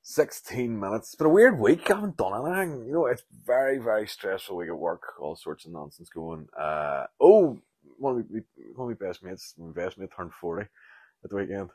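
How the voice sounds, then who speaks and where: Northern Irish man, around forty, low husky voice, rambling sweary podcast host, dry close sound. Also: lively intonation, brisk, darkish tone, dry recording. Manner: rambling, sweary storyteller who laughs often. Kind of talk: casual solo podcast rambling.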